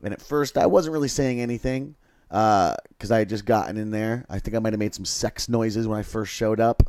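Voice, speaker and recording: Man, low voice, livestream host, rambling casual story, halting, profane, dry close sound. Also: darkish tone, dry recording.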